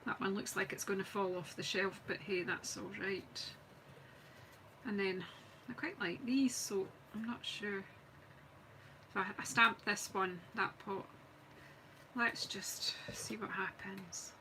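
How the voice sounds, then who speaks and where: A woman's voice: mid-range voice, steady tone, slow pace, pushed and bright, slight background noise, rough recording. A Scottish woman chatting casually and thinking aloud as she demonstrates card making on a live stream. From Scotland. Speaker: craft demonstrator. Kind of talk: live craft stream chat.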